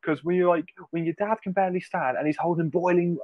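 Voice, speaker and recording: A young man guesting on a podcast, chatting casually and telling animated stories with loud acted-out quotes. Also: high voice, quick pace, few pauses, no room sound, rough recording. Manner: animated storyteller, acts out quotes loudly. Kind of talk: casual chat.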